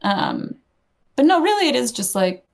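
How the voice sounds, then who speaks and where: A woman's voice: on the high side, wildly swooping pitch, moderate pace, vocal fry. A woman guest on a podcast, an editor and curator, musing casually with lots of "like" and fillers.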